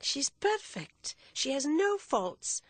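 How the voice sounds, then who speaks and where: Modest elderly French nun, voiced by a woman, slow, halting and higher-pitched. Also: sing-song, no room sound, full character voice. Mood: earnest.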